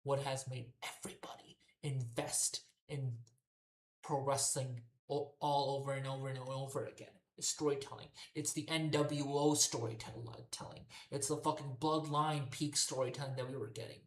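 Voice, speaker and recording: A man's voice: mid-range voice, little pitch movement, normal speed. A man hosting a wrestling commentary show, ranting in an exasperated way and swearing constantly. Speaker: wrestling podcast host. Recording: echoey roomy recording.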